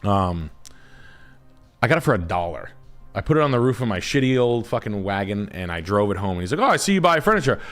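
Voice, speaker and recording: A man's voice: fairly low pitch, lively intonation, fairly quick, faint music behind. Rambling, cursing male streamer. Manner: rambling, profane, trails off searching for words. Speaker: realtor and stream host. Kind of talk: casual storytelling on a live stream.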